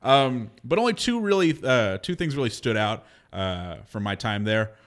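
A male radio host in loose, casual banter with his co-hosts. He rambles as he tells a story, breaking into laughter often, at a middle pitch. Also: expressive, normal speed, fairly bright tone.

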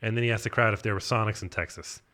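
A man spins a long comedic anecdote at a quick clip, his voice bright and forward. He rambles and piles on fillers while keeping a deadpan delivery. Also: on the low side. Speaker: storyteller.

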